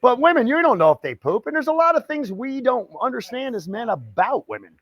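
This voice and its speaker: A man's voice: extremely high pitch, very animated, fairly quick, fairly bright tone. An older man co-hosting a casual podcast chat, rambling and swearing constantly, often laughing. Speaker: podcast co-host.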